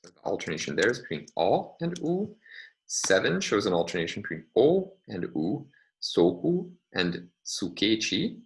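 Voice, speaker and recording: A man's voice: on the low side, big pitch swings, fairly quick, slight background noise, rough recording. A man giving a recorded linguistics lecture, thinking aloud with frequent fillers as he works through examples.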